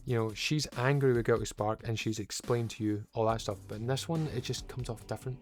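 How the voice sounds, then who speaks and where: A young man talks through a game review in a loose, rambling way, opinionated and casually sweary. His pitch sits in an ordinary middle range, with soft music faintly underneath. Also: a little fast.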